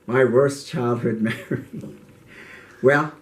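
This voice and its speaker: An older man telling childhood memories in an interview, earnest and halting, often repeating words. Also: mid-range voice, fairly even intonation. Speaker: interviewee, martial arts teacher. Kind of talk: reflective interview storytelling.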